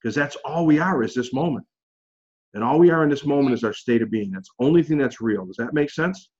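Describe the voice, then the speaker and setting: A man's voice: medium pitch, expressive, a little fast, darkish tone. A man coaching a group over a call, chatty and encouraging, his talk loose and full of fillers. The audio is a bit dull and lo-fi.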